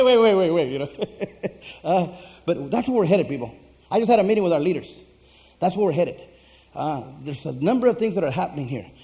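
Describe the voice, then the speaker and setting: A man preaching to his congregation, telling a long story in a loose, rambling way with plenty of fillers and restarts. He acts out the lines of the people in the story. His voice sits fairly high for a man and sounds mellow and relaxed. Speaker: pastor. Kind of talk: casual sermon storytelling.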